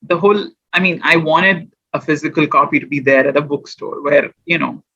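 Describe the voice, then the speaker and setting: Man, rambling casual chat, fairly high bright voice, dull lo-fi call audio. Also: fairly quick, husky. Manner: chatty, rambling with fillers and restarts. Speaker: guest poet and small business owner.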